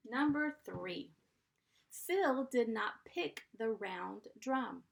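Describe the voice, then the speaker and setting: A woman's voice: fairly high pitch, lively intonation, extremely slow, gravelly. A woman teaching a first grade class, dictating sentences and patiently sounding out letters and blends.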